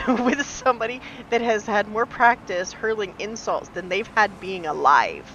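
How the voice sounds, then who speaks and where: A woman's voice: mid-range voice, unhurried, fairly bright tone, highs cut off, a little hiss or hum. A woman in her forties streaming live, telling stories in casual chat while gaming, laughing often and acting out the people she quotes. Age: 40s.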